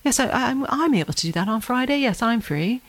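A woman voicing a brisk middle-aged British male floatplane pilot, with a British accent and a polite, stammering manner. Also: fairly high pitch, expressive, dry recording, pitched above the performer's own voice. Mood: eager.

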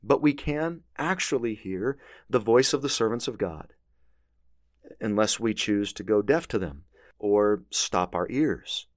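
A man's voice: mid-range voice, no echo, clean studio sound. A man teaching a scripture lesson, reading verses aloud with earnest emphasis. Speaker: religious teacher.

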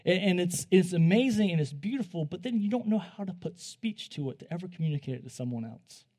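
A young man giving a conversational sermon, animated and joking, often restarting his sentences. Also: high voice, fast talker. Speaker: preacher.

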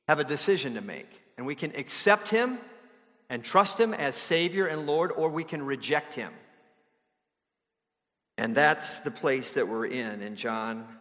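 A man's voice: medium pitch, fairly bright tone, big-room sound. A man preaching a sermon, conversational with fillers, building to emphatic declarations. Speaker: pastor.

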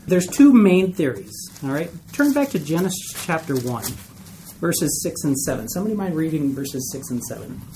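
A man's voice: on the high side, big pitch swings, moderate pace, dark tone, a little hiss or hum, rough recording. A man teaching a casual Bible study class. He keeps checking in with the group by asking "okay?" and "right?".

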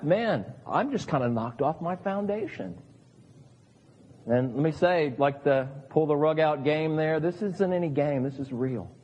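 A middle-aged male pastor delivers an earnest sermon in a slightly husky voice that sits a little above the usual male pitch. His words ring out with a long reverb from a church hall. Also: a little mellow, muffled recording. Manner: earnest, preacherly, acts out quoted voices.

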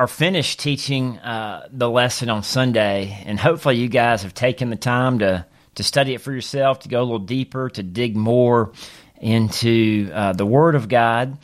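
A male pastor teaching through a Bible study on his podcast. He speaks in an earnest, steady way at a middle pitch and reads verses aloud between his explanations.

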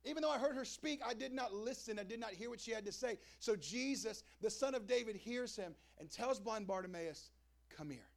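A young man delivers a sermon as pastor in a loose, conversational style. His voice sits high for a man and carries a gravelly, creaky texture. He talks to the congregation like friends. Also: a little fast, few pauses. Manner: casual preaching, acts out crowd and Jesus in quoted voices.

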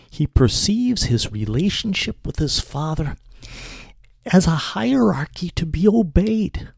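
Slow, deliberate male preacher. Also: on the high side, creaky, mellow, no echo, clean studio sound. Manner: measured, deliberate. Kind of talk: sermon.

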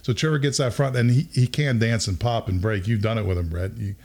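A middle-aged man telling a story in casual conversation, lively and chuckling, often acting out what other people said. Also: lowish voice, a little fast. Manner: animated, acts out quoted voices, chuckles while telling.

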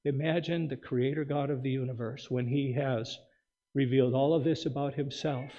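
A male pastor preaching a sermon, with emphatic rhetorical questions and quick asides. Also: mid-range voice, steady tone, warm tone. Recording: dull sound with long hall reverb.

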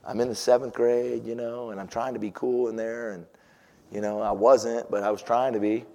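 A pastor telling a personal story in a sermon, animated, swinging from loud exclamations to hushed, tender passages. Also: male voice, medium pitch, moderate pace, vocal fry.

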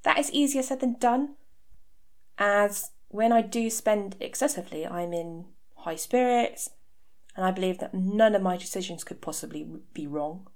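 A woman's voice: medium pitch, expressive, normal speed, a little mellow. A woman in her thirties hosting a podcast, talking frankly about her own life with dry, sarcastic asides. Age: 30s. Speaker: podcast host. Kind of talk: candid personal podcast talk. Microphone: home podcast mic.

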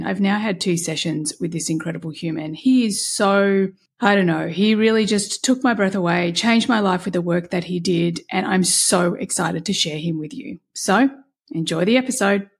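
A woman's voice: medium pitch, creaky, slightly rough. A woman hosting a podcast who introduces and interviews her guest with gushing enthusiasm. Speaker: podcast host.

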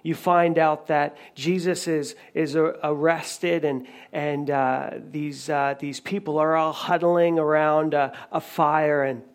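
A man delivers a sermon in an easy, conversational way, often restarting his sentences as he retells a story. His voice sits fairly high for a man and carries a gravelly rasp. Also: fairly even intonation, slow, hardly any pauses. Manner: conversational preaching with many restarts and retold dialogue. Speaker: pastor.

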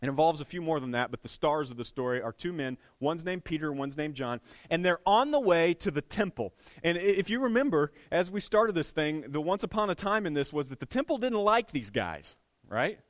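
Male pastor, casual storyteller in the pulpit, animated, slightly high voice, dry sound. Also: fairly quick, dry recording. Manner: conversational, animated retelling with chuckles and restarts. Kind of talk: storytelling sermon.

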